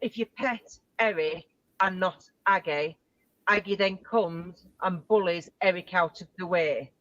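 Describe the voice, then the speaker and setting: A woman's voice: on the low side, a little slow, a bit bright, no room sound. A woman, a dog owner, chatting casually on a live call and describing her two dogs in a breezy way. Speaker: dog owner asking a question. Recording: dull, lo-fi dry call audio.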